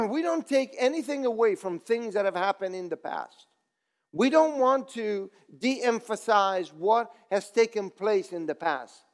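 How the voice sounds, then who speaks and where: A man's voice: high-pitched, expressive. A man preaching a sermon, reading scripture and praying, then urging his listeners on with rising fervor. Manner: builds from slow prayerful reading to rising exhortation. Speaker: pastor.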